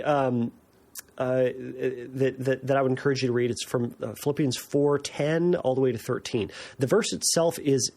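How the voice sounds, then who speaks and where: A man's voice: mid-range voice, a little mellow. Chatty man hosting a podcast. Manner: conversational, many fillers and restarts. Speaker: podcast host. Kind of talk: casual explanatory talk.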